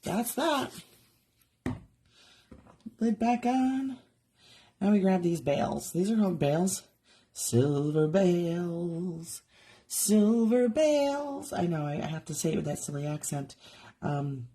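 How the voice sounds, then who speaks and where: A woman's voice: low-pitched, moderate pace, long pauses, mellow, a little hiss or hum. A woman doing a live craft demonstration from her studio, chatting and thinking aloud as she works. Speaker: jewelry artist demonstrating live. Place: home art studio.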